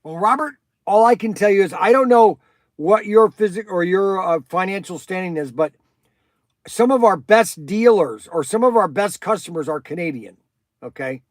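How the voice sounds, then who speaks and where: A man's voice: high-pitched, lively intonation, moderate pace, dry recording. An older man hosting a casual livestream, rambling and chatty as he answers viewers by name. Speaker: toy shop host answering viewers.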